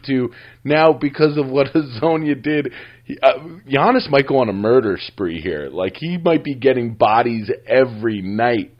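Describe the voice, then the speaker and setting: A man's voice: medium pitch, expressive, normal speed. A man co-hosting a casual sports podcast, easygoing and jokey, often agreeing with his partner. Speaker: podcast co-host. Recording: dull lo-fi mic.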